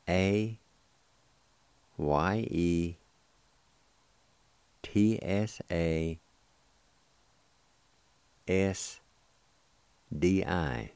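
Slow, deep-voiced man teaching word by word. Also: darkish tone, smooth, dry recording. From United States. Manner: spells letters one by one and repeats each word slowly. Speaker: language teacher and radio host. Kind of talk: slow spelled-out language lesson.

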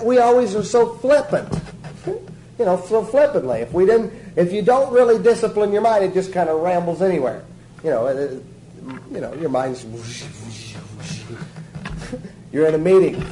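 A man's voice: a little high, warm tone, slight background noise, low-quality recording. Emphatic, joking man teaching a fellowship. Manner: emphatic, joking, repeats instructions. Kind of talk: sermon-style teaching.

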